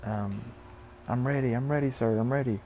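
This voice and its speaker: A man's voice: fairly low pitch, fairly even intonation, slow, creaky, darkish tone, slight background noise. A man voicing a meek, eager-to-please broke man in a story he tells over gameplay, hesitant and pleading.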